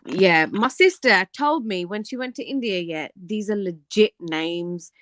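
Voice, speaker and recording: A woman's voice: medium pitch, unhurried, no echo. A young woman, hosting a casual live-stream chat, telling stories in slang with frequent laughter. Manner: laughs often, slangy and animated storytelling. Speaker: livestream host.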